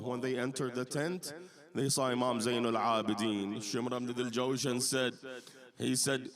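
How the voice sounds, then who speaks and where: Solemn man narrating a sermon. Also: mid-range voice. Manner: solemn storytelling with quoted exchanges. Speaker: speaker at a mourning gathering. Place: mosque hall with a congregation.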